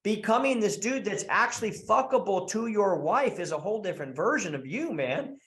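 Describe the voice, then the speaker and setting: A man's voice: high-pitched, brisk, roomy sound. A man as a podcast guest, talking bluntly and profanely as a coach for married men, slipping into quoted voices as he tells stories. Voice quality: profane, blunt, animated storytelling. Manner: acts out quoted voices mid-sentence. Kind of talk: podcast interview.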